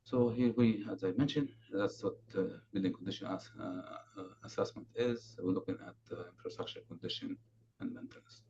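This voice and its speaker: A man giving a consultant's presentation at a council meeting, halting with many fillers and restarts. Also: on the low side, mellow. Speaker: building condition consultant presenting. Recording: dull lo-fi remote audio, faint noise.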